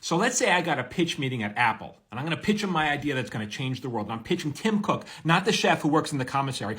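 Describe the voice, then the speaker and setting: A screenwriter giving blunt, energetic, wisecracking advice straight to the camera. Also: male voice, fairly high pitch, fast talker, hardly any pauses. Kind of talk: direct-to-camera advice monologue.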